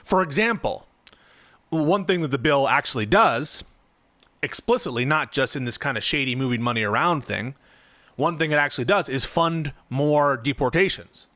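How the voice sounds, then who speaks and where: A man's voice: on the high side, normal speed, bright, forceful tone, no room sound. A young man streaming casual political commentary. He thinks aloud, answers his chat, and grows emphatic when he argues.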